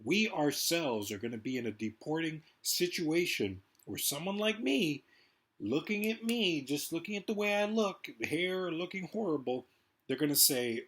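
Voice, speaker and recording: A man's voice: fairly high pitch, lively intonation, fairly bright tone, slightly rough. A man delivering a rambling, profane political rant as a vlogger. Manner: rambling, profane, fast-talking. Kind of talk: ranting political monologue.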